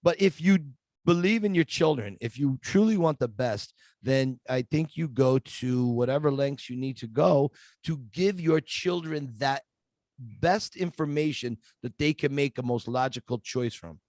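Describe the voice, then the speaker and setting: A middle-aged man speaks as an interview guest in a close, dry recording with no room sound. His voice is mid-pitched, and he talks in a lively storytelling way, acting out the people he quotes. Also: a little slow, no room sound.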